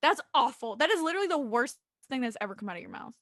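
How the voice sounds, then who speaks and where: A woman's voice: high voice, sing-song, rapid-fire, pushed and bright, no room sound, clean studio sound. A young woman co-hosting a podcast in casual chat, emphatic and dramatic, often saying "literally.". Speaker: podcast co-host.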